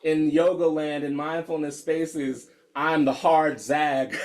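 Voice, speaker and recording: A man in his fifties teaches meditation in a loose, candid way and laughs freely between points. His voice sits a little high for a man. He reads out comments from the people on the call as he goes. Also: unhurried. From United States. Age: 50s. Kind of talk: casual teaching talk.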